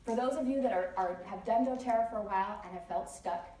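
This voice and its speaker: A woman's voice: medium pitch, quick pace. Woman telling stories in an echoey hall. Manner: lively, chatty storytelling with frequent asides. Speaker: conference speaker. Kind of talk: motivational storytelling talk. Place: large conference hall. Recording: echoey hall, distant mic, faint noise.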